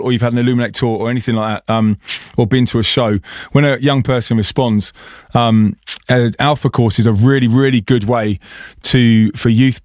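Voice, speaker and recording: A man's voice: medium pitch, no room sound. A man hosting a podcast in casual chat, chatty and often laughing, talking from a small insulated studio. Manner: chatty, laughing, filler-heavy. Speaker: podcast host.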